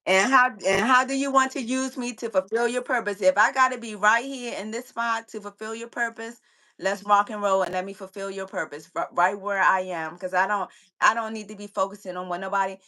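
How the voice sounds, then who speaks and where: A woman who runs a fitness business, a guest telling a story, preaching a lesson and repeating her key phrases with lively energy. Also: mid-range voice, a little fast, low-quality recording. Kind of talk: motivational storytelling chat.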